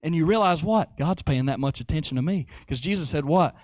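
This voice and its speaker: Animated man preaching a sermon. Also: a little high, fairly quick, no room sound. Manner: animated, repeats phrases for emphasis.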